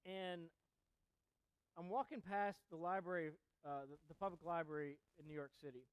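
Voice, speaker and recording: Male preacher, high and smooth, chatty sermon storytelling, dry close sound. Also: fairly even intonation, moderate pace, no room sound, rough recording. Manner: casual storytelling with many fillers; rises to loud emphatic reading of scripture. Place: church chapel.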